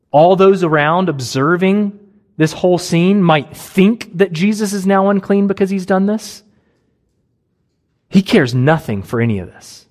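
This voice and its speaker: A man's voice: fairly high pitch, a little mellow. Earnest man preaching a sermon. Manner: earnest, emphatic expository preaching with long pauses.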